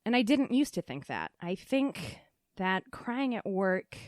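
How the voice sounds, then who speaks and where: A woman's voice: mid-range voice, sing-song, measured pace, no echo. A young adult woman hosting her own podcast, chatting casually and confessionally with a rambling, self-deprecating manner and many filler ums, close on the microphone. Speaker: podcast host.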